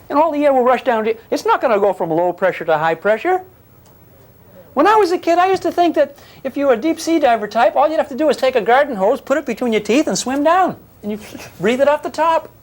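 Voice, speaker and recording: An older man giving a physics lecture to a class, teasing and questioning his students as he explains. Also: high-pitched. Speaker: physics teacher.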